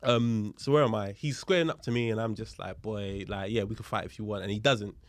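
A man, a guest on a podcast, telling a story in a lively, casual way and acting out the other people's voices, with street slang and swearing. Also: fairly low pitch, a little fast, no echo. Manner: animated, acts out the voices of people in his story. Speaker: podcast guest, police officer.

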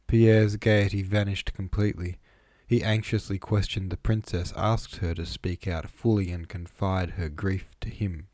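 A man narrating a classic novel as an audiobook, measured and even. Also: low voice, dry recording. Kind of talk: scripted narration.

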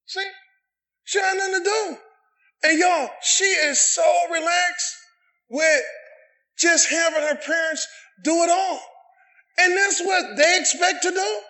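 A middle-aged pastor preaching a sermon in a church, shouting passionately and calling on the congregation to say amen. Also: male voice, extremely high pitch, unhurried, pauses often. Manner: impassioned shouted preaching with call-and-response. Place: church sanctuary. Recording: echoey church room.

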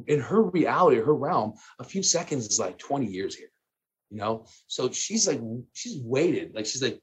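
A man in his thirties, a guest telling a personal story in casual, animated talk, full of fillers and laughter. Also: mid-range voice, moderate pace, slightly rough.

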